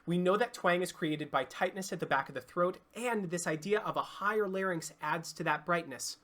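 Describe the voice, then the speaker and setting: A singing coach giving an online vocal lesson, explaining clearly and demonstrating sounds. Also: medium pitch, normal speed, hardly any pauses, fairly bright tone.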